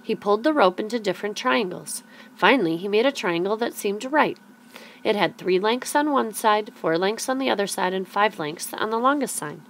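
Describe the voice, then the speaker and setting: A woman's voice: medium pitch, animated, moderate pace, a bit bright, a little hiss or hum. Woman reading a children's story aloud. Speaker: storybook reader.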